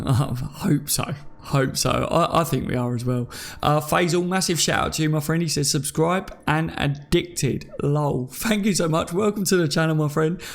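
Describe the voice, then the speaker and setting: A man hosting a casual live chat, reading out comments and laughing often. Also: a little high. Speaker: podcast host.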